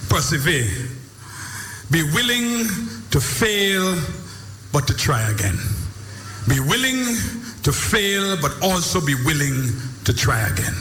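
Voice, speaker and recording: High-voiced man preaching motivation. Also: sing-song, takes it slowly, long pauses, pushed and bright, roomy sound, in a large hall, a little hiss or hum. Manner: preacher-like, emphatic, swings between booming and low. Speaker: motivational speaker. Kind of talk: motivational speech.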